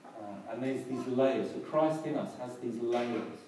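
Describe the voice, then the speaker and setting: A pastor preaches a sermon in a halting way, often restarting and filling pauses with um. He sounds far from the mic in a very echoey hall. There is noise behind him. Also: mid-range voice. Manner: hesitant, many ums and restarts. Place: church hall.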